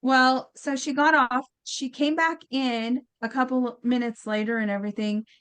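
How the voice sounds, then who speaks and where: A woman's voice: sits high, normal speed, clean tone. A woman telling a story in a casual chat, acting out quotes with lots of fillers. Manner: animated, acts out quotes, many fillers. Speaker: guest healer.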